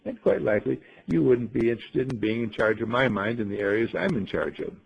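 A man voicing a wise male talking bird in a told story, speaking in a patient, gently lecturing way. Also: medium pitch, fairly quick, vocal fry, slight background noise, close to an everyday voice, low-quality recording. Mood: explaining.

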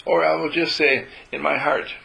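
A man giving a gentle spiritual talk to a group, telling stories and acting out how he talks to his dog. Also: fairly high pitch, fairly even intonation, normal speed, vocal fry, slight background noise, rough recording.

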